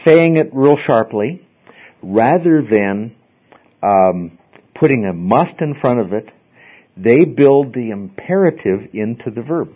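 Male teacher mid-lecture in a classroom, patient explainer, slightly dull lo-fi recording. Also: medium pitch. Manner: explains step by step, checks in with frequent "okay?". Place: classroom with students.

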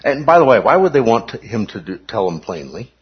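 A man's voice: medium pitch, sing-song, a little fast, husky, muffled recording. A man teaching a Bible study class in a conversational way, often checking in with his listeners.

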